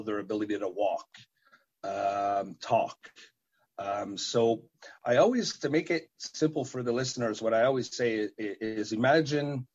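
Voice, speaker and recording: Guest father with a low, husky voice, halting answers heavy with fillers, dull lo-fi sound. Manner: halting, many fillers and repeated words. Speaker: guest, event organizer and parent. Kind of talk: unscripted interview answers.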